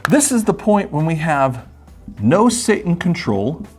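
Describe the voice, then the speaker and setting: Male Bible teacher, sermon delivery, lively swooping pitch, husky tone, faint music underneath. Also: a little slow. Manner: animated, acts out quoted voices.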